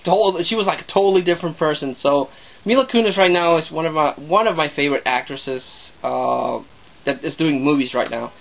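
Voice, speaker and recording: A man's voice: on the high side, highs cut off. A man talking through a movie review in a casual, rambling way, often repeating himself.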